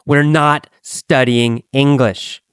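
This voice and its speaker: A man's voice: mid-range voice, steady tone, slow, clear, resonant tone, dry recording, clean studio sound, lightly acted. A man voicing a blunt young man who scolds his friend in a brusque, exasperated way. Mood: annoyed.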